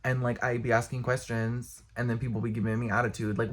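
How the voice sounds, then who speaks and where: A man's voice: mid-range voice, level tone. A young man ranting casually to camera, exasperated, blunt and profane. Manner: exasperated, blunt, profane, talks with quick bursts. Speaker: vlogger.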